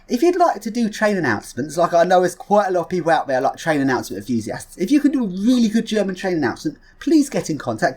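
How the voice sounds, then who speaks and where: Fast, lively woman making a chatty appeal. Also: fairly low pitch. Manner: chatty, rambling, eager. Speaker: video creator recruiting helpers. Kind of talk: casual vlog appeal.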